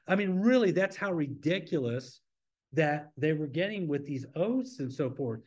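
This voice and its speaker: A man with a fairly high voice teaches a midweek Bible study in a church. He talks informally and keeps turning to the class with questions. His tone is plain and conversational rather than preached. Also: lively intonation, normal speed, a little mellow.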